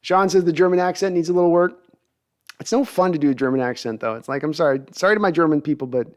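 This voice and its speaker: Male sports podcast host, livestream chat, self-deprecating, slightly high voice. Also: expressive, fast, clear, resonant tone. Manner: chatty, self-deprecating, laughs often. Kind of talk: casual livestream chat, reading comments.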